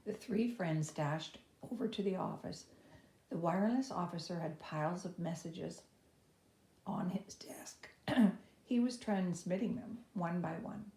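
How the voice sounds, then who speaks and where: Female storybook reader, low-pitched and warm, roomy sound. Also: a little slow. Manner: voices each child's lines with raised pitch and energy. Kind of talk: reading a children's chapter book aloud. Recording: echoey room.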